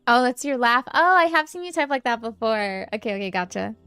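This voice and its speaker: A woman streamer chatting casually during a game in a relaxed, chatty way. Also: a little high, brisk, clean tone, dry recording. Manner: relaxed, chatty, hums along. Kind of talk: casual gameplay chat.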